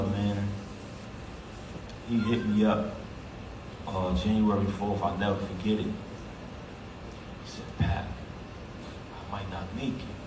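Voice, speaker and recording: A man giving a heartfelt eulogy at a funeral, speaking emphatically and conversationally, addressing the crowd directly. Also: fairly low pitch. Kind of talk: heartfelt public eulogy speech. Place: funeral service hall. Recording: echoey hall, voice from a distance, background noise.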